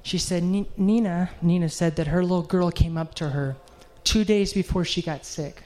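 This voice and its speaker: A man's voice: high-pitched, normal speed, a little mellow. A middle-aged man preaching a sermon, telling a heartfelt story in an earnest way and closing in prayer.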